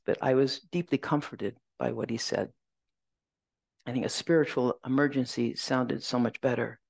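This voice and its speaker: A woman Zen teacher giving a dharma talk, reflective and gentle, telling a personal story and reciting verses slowly. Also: a bass voice, creaky, breathy edge, dry recording.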